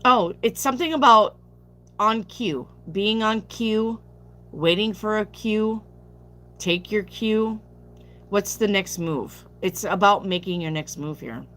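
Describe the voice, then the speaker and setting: A woman's voice: medium pitch, slow pace, fairly bright tone. A woman reading tarot on a live stream, chatting casually, reading viewer questions aloud and answering them bluntly, sounding sleepy. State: sleepy, yawning.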